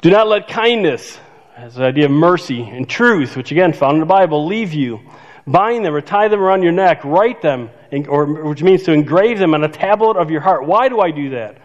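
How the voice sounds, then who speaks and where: Older man preaching, high voice, casual joking delivery, long church reverb, dull sound. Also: lively intonation, normal speed. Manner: conversational, self-joking, laughs at himself. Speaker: pastor. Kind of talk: sermon. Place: church sanctuary.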